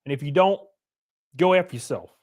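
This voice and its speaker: A man in his thirties hosts a casual live stream, trading jokes and jabs with his chat. His voice sits a little high for a man, and his delivery is brash and offhand. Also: lively intonation, moderate pace, darkish tone. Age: 30s. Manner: brash, joking, talks back to chat. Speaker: livestream host.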